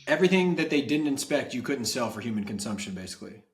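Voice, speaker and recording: A man's voice: medium pitch, sing-song, fast. A man hosting a casual podcast interview, offering brief encouragement and curious questions. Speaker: podcast host.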